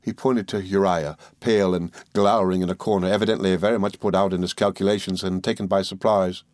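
A man narrating a classic novel in the first person with measured, earnest storytelling. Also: low-pitched, level tone, darkish tone, no room sound, studio quality. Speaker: audiobook narrator.

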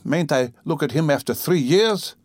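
Brief: man playing a fretful, tearful mother, pleading and timid, pitched up. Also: lively intonation, moderate pace, dry recording, studio quality, natural voice. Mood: anxious. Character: anxious tearful middle-aged mother.

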